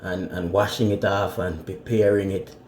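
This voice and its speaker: A man's voice: deep voice, little pitch movement, normal speed, a little mellow. A man with a Jamaican accent, chatting casually as he cooks in his home kitchen, laid-back and laughing often. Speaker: home cook and channel host. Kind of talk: casual cooking vlog. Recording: echoey kitchen with running water. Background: dishes clinking and tap running.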